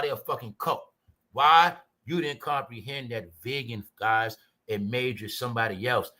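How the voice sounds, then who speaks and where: A man's voice: medium pitch, pushed and bright. A man hosting his own channel, delivering profane, combative commentary to a live chat and peppering it with rhetorical questions. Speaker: channel host.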